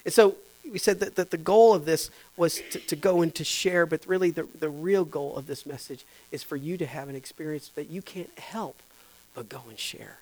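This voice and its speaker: A man preaching a sermon, moving between hushed whispers and loud, impassioned stretches with lots of repetition. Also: on the high side, moderate pace, poor audio. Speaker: pastor.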